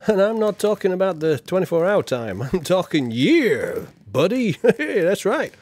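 A man voicing a dazed, drawling stoner version of Guy Fawkes in a put-on American accent, with lively pitch. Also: moderate pace, dry recording. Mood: brash. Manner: drawling, spaced-out, says dude and man.

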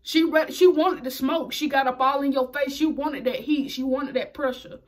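Lady with a high voice doing a casual wrestling recap, slangy and chatty, laughs a lot. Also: steady tone, normal speed. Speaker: wrestling show reviewer.

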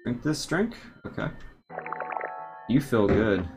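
A man's voice: medium pitch, big pitch swings, slow pace. A man streaming a horror game live, commenting in a drawling way, laughing and swearing when startled. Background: loud game music.

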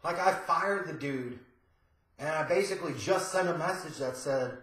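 A man hosting a wrestling review channel, ranting with profane sarcasm and shouted bursts. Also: fairly high pitch, moderate pace. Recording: very echoey room.

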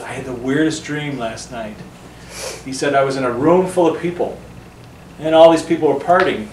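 A man, an author speaking to a book club, telling earnest stories with animated delivery and acting out the voices he quotes. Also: on the high side, slight background noise. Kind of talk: storytelling talk to a small audience. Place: book club meeting room. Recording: roomy, distant mic.

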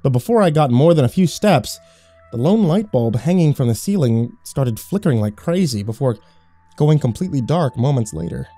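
A man's voice: medium pitch, lively intonation, normal speed, dark tone, dry recording, soft background music. A man giving scripted horror story narration in a wry, sarcastic first-person tone.

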